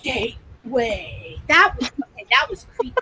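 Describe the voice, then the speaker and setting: A woman hosting a live paranormal session who talks excitedly, laughs often and repeats herself. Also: high voice, takes it slowly, low-quality recording. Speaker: paranormal livestream host.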